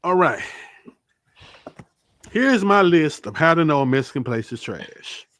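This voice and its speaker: A man's voice: fairly high pitch, big pitch swings, unhurried, a bit bright. A man hosting a podcast in casual chat, playfully running through a list with mock-serious verdicts. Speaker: podcast host.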